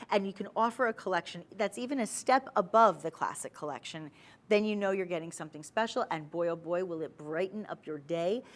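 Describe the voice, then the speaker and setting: A woman hosting a TV shopping show, chatty and persuasive as she pitches jewelry. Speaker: shopping channel host.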